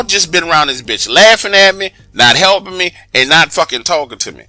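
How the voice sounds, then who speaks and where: A man with a bright, forceful voice tells a comic story, his pitch leaping up and down as he gets worked up. He swears freely and keeps calling out to his listeners. Faint music sits under a close, dry recording. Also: fairly quick, few pauses, dry recording. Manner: animated, profane, emphatic, addresses listeners directly. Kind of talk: comedic first-person storytelling.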